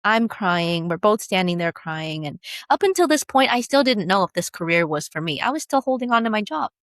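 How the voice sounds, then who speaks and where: A woman shares her own story as an interview guest, her voice climbing and dropping with emphasis. She talks in quick, animated bursts over a dry, close recording with no room sound. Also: medium pitch, dry recording. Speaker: guest, brow tattoo business founder.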